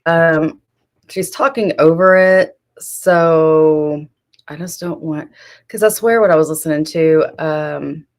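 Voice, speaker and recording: A woman's voice: low-pitched, slow pace. Sassy gossiping woman streamer, drawl. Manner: sassy, gossipy, talks straight to chat. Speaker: streamer host. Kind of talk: casual live-stream commentary.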